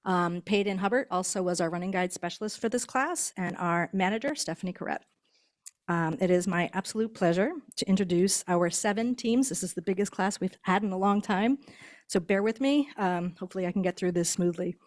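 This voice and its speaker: A woman's voice: mid-range voice, brisk. A woman who trains guide dogs, introducing graduates at a ceremony in a chatty way, laughing now and then. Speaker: guide dog instructor. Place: indoor ceremony hall.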